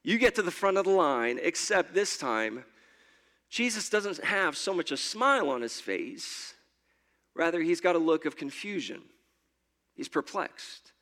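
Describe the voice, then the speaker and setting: A high, bright male voice preaches a conversational sermon, restarting and repeating words as he goes. His voice carries through a church with a long hall reverb. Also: sing-song, unhurried. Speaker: pastor.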